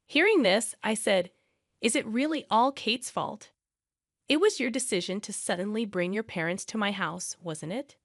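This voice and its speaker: A woman narrating a first-person drama story in an even, measured reading voice. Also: medium pitch, no echo, studio quality.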